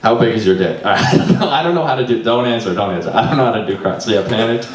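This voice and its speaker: A man's voice: lowish voice, fast. A young man doing loose, self-deprecating stand-up at an open mic, swearing often and sounding frazzled. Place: small comedy venue. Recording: echoey room, mic far off.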